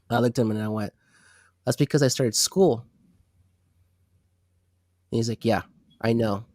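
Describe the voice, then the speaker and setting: A man's voice: medium pitch, normal speed, long pauses, no room sound. Guy on a podcast ranting bout his old job, acts out the dialogue, swears a lot, sounds kinda sick and stuffy, dry close mic. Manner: animated retelling, acts out quoted dialogue, swears. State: sick, congested. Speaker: podcast co-host. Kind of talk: casual storytelling rant.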